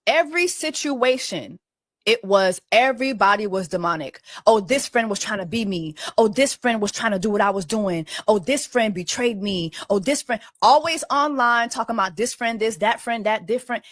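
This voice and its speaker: A woman's voice: fairly high pitch, normal speed, no room sound. Sassy woman co-host, dry sound. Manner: sassy, expressive storytelling. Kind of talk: casual commentary chat.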